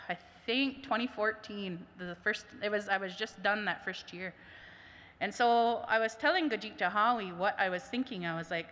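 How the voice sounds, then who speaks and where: A woman who teaches languages shares a chatty personal anecdote at a summit, quoting dialogue often with "I was like." She speaks in a slightly high, sharp voice, recorded in a reverberant conference hall.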